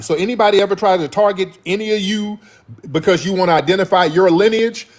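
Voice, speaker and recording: Brief: husky male livestream host, lively up-and-down delivery, confrontational and slangy. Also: high voice. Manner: combative, slangy, swears, addresses chat directly. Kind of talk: heated livestream commentary.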